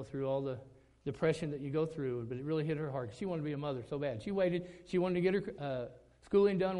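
A middle-aged man, a pastor preaching a sermon, telling a story that climbs to loud, emphatic peaks. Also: a little high.

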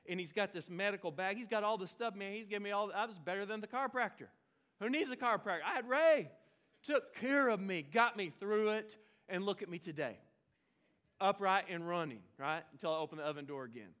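A man's voice: sits high, lively intonation, a little fast, fairly bright tone. A man, preaching a sermon as pastor, telling a humorous, self-deprecating story and joking with the congregation. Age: 40s. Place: church sanctuary.

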